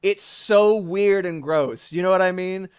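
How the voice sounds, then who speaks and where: This man's high-pitched, clean-toned voice carries his animated live-stream chatter as he draws. He swears freely and keeps throwing in quick asides.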